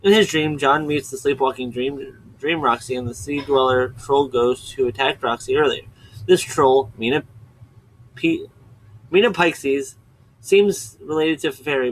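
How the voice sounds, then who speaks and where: A man's voice: medium pitch, a little slow, a bit bright, rough recording. Chatty young-sounding man rambling through a recap. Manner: chatty, digressive, often stops to correct himself. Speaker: video host summarizing a webcomic.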